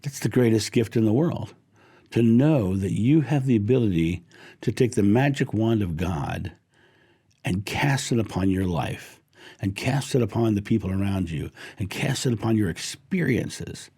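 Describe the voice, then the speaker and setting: A middle-aged man giving a slow, heartfelt spiritual talk, lingering gently on his words. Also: fairly low pitch, expressive, husky. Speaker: spiritual teacher.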